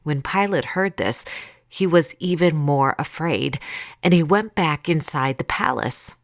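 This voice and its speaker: A woman reading scripture aloud in a calm, deliberate, expressive way. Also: low voice, dry recording, clean studio sound. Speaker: Bible reader.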